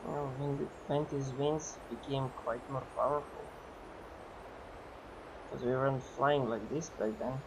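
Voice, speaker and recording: A man's voice: mid-range voice, fairly even intonation, a little slow, gravelly, pauses often, background noise. A man streaming a video game, giving casual, offhand commentary.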